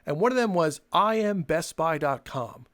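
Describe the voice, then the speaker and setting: A young man telling a casual story for his video channel, animated and swearing, laughing between lines and acting out what people said. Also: a little high, moderate pace. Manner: animated, swearing, laughs mid-sentence, acts out quotes. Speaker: storytelling YouTuber.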